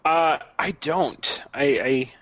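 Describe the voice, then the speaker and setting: A man playing a tabletop game, deadpan and hesitant. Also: fairly high pitch, slow pace. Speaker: player. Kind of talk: casual tabletop game chat.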